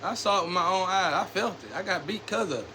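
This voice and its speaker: A man's voice: high-pitched, quick pace, pushed and bright, a little hiss or hum. A man talking straight to camera in a loose, rambling monologue full of street slang, swinging from preachy scolding to personal storytelling.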